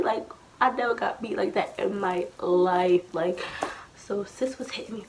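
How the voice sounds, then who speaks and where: Give me a young woman telling a story in a lively, slangy way, with faint noise behind her. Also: medium pitch, measured pace. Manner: animated, slangy, acts out quotes from family. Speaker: storytime vlogger. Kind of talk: casual storytelling.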